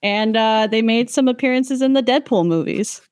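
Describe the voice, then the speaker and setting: A young woman guest on a podcast in casual chat, making dry, deadpan remarks with hesitant fillers. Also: a little high, normal speed, clear, resonant tone, dry recording.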